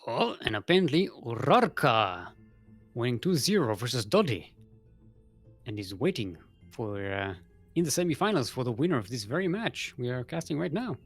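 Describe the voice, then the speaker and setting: Male game caster, live commentary, chatty, filler-heavy, animated pitch. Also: moderate pace, husky, soft background music. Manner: chatty, self-mocking, trailing fillers. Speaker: esports caster.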